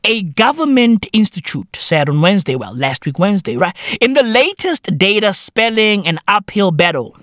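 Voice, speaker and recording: A man with hosting a comedy podcast, giving a profane monologue full of "bruv" and "innit" and shouting some bits. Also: high voice, big pitch swings, moderate pace, hardly any pauses, no room sound, studio quality. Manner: profane slangy banter, frequent "bruv" and "innit".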